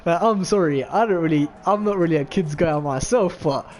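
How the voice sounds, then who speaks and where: A young man tells a long, meandering story in a casual chat. His voice sits a little high, and he swears freely, packing every sentence with filler words. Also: a little fast, darkish tone, a little hiss or hum. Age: 20s. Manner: rambling and profane, full of filler "like". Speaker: vlogger.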